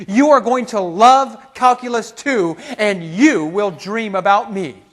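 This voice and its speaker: A man voicing a determined woman calculus professor who gives insistent, rapid-fire orders. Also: sits high, background noise.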